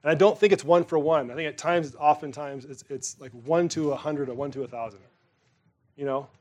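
A man preaching a sermon to his congregation in a conversational way, turning emphatic on some phrases and dropping quiet on others. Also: a little high, a little fast. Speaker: pastor.

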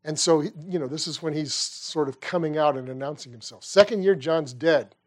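A man with a slightly high voice teaches a conversational Bible lesson. He retells stories with lively rhetorical questions and casual asides, restarting phrases as he goes. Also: fairly quick. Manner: animated storytelling with rhetorical questions.

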